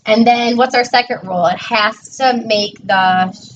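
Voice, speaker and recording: A woman's voice: on the high side, unhurried. A woman teacher tutoring a child one-on-one in a patient, encouraging way, praising each answer. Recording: distant dull mic with faint noise.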